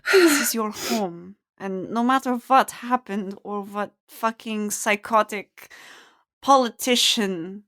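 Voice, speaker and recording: A woman's voice: medium pitch, slow, a bit bright. A woman voicing a loving father who speaks bluntly and swears, in a tabletop game. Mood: reassuring.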